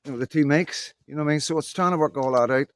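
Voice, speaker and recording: A man's voice: on the high side, very fast, a little hiss or hum. A middle-aged man, rambling casually in an unscripted vlog and leaning on fillers. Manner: rambling, loose talk full of "you know what I mean" fillers. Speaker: vlogger.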